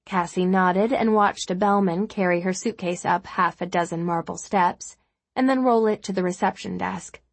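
A woman narrating a novel as an audiobook, in a steady, measured storytelling manner. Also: on the low side, no room sound. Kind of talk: scripted narration.

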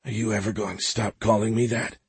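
A man voicing a dazed young man, just revived, who talks weakly with a low rumble in an audiobook. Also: steady tone, extremely slow, breathy edge, no room sound. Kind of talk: audiobook character voice.

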